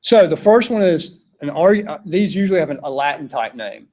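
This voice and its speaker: A man's voice: fairly high pitch, lively intonation, fairly quick, darkish tone. A man teaching a philosophy class, talking casually and putting questions to the students. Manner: conversational, asks the class questions. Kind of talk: classroom lecture.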